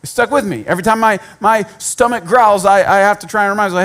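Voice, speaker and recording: A man's voice: high voice, fast talker, hardly any pauses, fairly bright tone. A man giving a sermon in a conversational way, with self-deprecating humor and repeated points for emphasis. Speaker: pastor.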